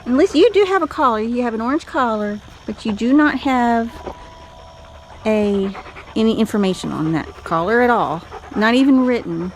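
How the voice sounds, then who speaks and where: A Texan woman with a somewhat high-pitched voice talks casually into a phone outdoors. She coaxes dogs softly and chats easily to her viewers. Faint outdoor noise sits behind her. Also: expressive, moderate pace. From Texas. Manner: soothing and coaxing with the dogs, chatty and relieved to camera. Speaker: vlogger. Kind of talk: casual vlog narration. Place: outdoors in heat on rural property.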